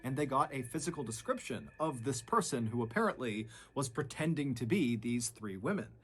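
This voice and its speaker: A man narrating a true crime story with dramatic shifts in pitch and loudness. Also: animated, fairly quick, breathy edge, soft background music.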